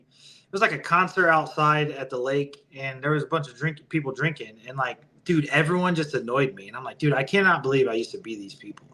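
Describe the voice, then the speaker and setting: Bright-voiced blunt male podcast guest. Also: on the high side, a little hiss or hum, poor audio. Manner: blunt, profane, opinionated. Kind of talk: casual interview chat.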